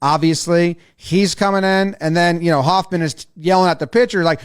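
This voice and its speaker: Excitable high-voiced man breaking down baseball. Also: moderate pace, few pauses, clean tone. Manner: excitable, profane, acts out players' lines. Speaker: sports video commentator. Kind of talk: casual game breakdown commentary.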